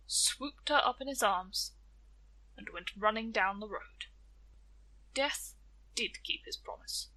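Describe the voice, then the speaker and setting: A woman narrating a folktale as a storyteller, in a gentle, deliberate way. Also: on the high side, rough recording.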